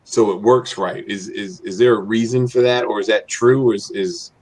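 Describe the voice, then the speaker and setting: A man's voice: on the low side, fairly even intonation, moderate pace. A man co-hosting a car talk show, asking long questions with lots of restarts and repeated words. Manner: repetitive, stumbling questions. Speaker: co-host. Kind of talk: casual live show chat.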